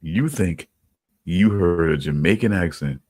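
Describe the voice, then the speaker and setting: Deep-voiced man chatting, halting. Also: animated, a little mellow, no echo. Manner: halting, repeats himself. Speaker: podcast co-host. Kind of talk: casual chat.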